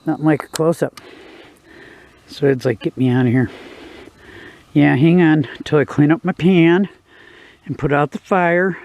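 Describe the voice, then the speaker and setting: A man talking to his camera outdoors in the woods while he cooks over a campfire. His voice sits a little high but sounds mellow and dark, and he takes his time with every line. He keeps it folksy and joking. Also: fairly even intonation, unhurried, pauses often, dry recording. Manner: folksy, joking, laid-back. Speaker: vlogger cooking outdoors. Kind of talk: casual outdoor vlog narration.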